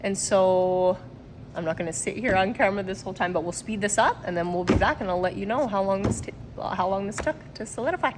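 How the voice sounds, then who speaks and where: A woman's voice: mid-range voice, fast, noisy background. A woman talking to camera in a casual vlog, emotional and rambling, often breaking into laughter. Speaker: vlogger and product maker.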